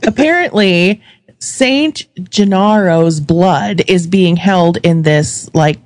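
A woman guest on a talk show, chatty and quick to laugh. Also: on the low side, a little mellow, dry recording. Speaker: guest co-host. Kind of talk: casual chat.

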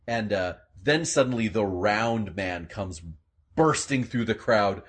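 A man running a tabletop game, narrating scenes slowly. His voice is husky and rises and falls a lot. He pauses and restarts often. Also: on the low side, expressive. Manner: halting, many fillers. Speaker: game master.

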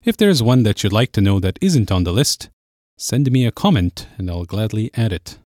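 A man's voice: lowish voice, big pitch swings, normal speed, a little mellow, no room sound. Patient male language teacher, dry sound. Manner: patient, explaining step by step. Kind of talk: podcast language lesson.

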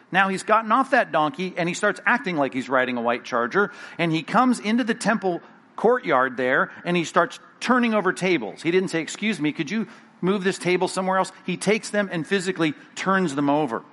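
Animated man preaching a conversational sermon. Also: on the high side. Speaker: pastor.

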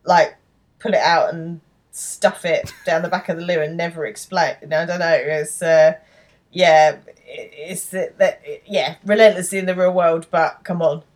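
Woman chatting in a lowish voice. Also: steady tone, a little slow. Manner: chatty, trails off and restarts mid-thought. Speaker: podcast co-host recapping a TV episode. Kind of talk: casual chat.

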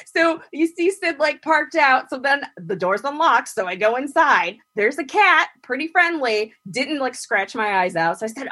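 A woman's voice: normal speed, hardly any pauses. A woman telling a dream story in a casual chat, acting out what people said with big jumps in her voice and laughing often. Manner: animated, acts out quotes with big pitch jumps, laughs often.

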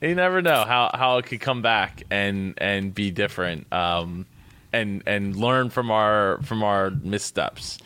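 A man co-hosting a podcast in casual chat, talking haltingly with repeated words and trailing off. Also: fairly low pitch, lively intonation, pushed and bright, clean tone, no echo. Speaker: podcast co-host.

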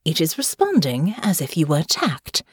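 A woman voicing Delphinia, a tall, grim, knowing young noblewoman, speaking low, slow and soft in an audiobook. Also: wildly swooping pitch, husky, no echo, clean studio sound, full character voice. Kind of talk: audiobook character voice.

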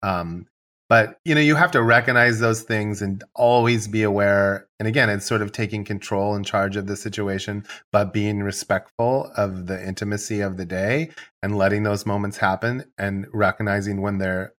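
A wedding photographer with a lowish voice chats on a casual podcast at a normal speed, rambling through stories in a relaxed way. He acts out his own dialogue, performing what he tells his couples.

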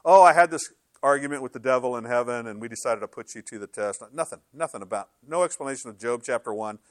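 Animated preaching man, dry close sound. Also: mid-range voice, quick pace, no room sound. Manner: animated, conversational preaching with sarcastic quoted asides. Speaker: pastor. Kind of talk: sermon.

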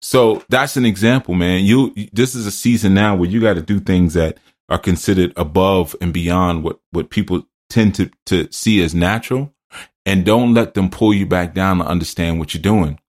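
Give me a very low-voiced man teaching through rambling personal stories. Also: moderate pace. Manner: loose storytelling, laughs at himself. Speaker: podcast host and spiritual teacher.

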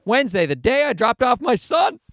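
Guy vlogging, high lively voice that jumps all over, blunt and sweary, keeps restarting. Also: normal speed, dry recording, clean studio sound. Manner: blunt and profane, with many restarts. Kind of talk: casual personal chat to camera.

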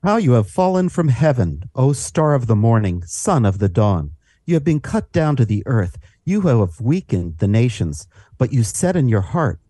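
A man's voice: mid-range voice, big pitch swings, normal speed, dark tone, no room sound, studio quality. Solemn man reading scripture dramatically. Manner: solemn, declaiming. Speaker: scripture reader.

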